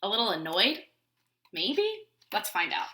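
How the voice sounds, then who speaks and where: A woman pre-K teacher reading a picture book aloud to young children, in an animated way and often asking them questions. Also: mid-range voice, a little slow, roomy sound, slight background noise.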